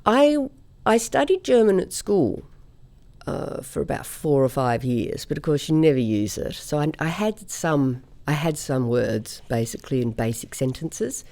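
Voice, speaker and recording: A woman from Australia, a singer, telling stories in a relaxed interview chat. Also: sits low, measured pace, creaky. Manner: chatty anecdotal storyteller, laughs often. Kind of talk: conversational interview storytelling.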